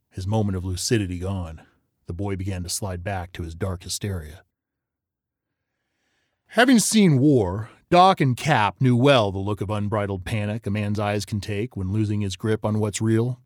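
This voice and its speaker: Male audiobook narrator, low and deliberate, dry close recording. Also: animated, dry recording. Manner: measured, deliberate storytelling.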